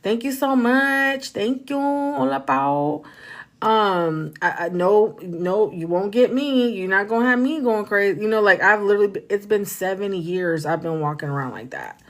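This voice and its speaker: A woman's voice: mid-range voice, normal speed. Woman, livestream reader, casual, rambling, repetitive, talks to her viewers. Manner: rambling, repeats herself, talks to viewers as "y'all".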